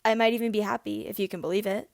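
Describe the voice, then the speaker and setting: A woman voicing a soft-spoken, guarded teenage boy wizard who talks quietly and slowly in a storybook reading. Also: mid-range voice, steady tone, no echo, clean studio sound, close to an everyday voice. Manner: quiet, slow.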